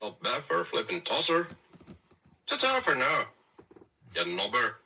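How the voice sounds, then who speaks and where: A man voicing a blunt older Northern English man who is gruff and homely, with affectionate insults. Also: medium pitch, wildly swooping pitch, measured pace, pushed and bright, far from the mic, exaggerated voice.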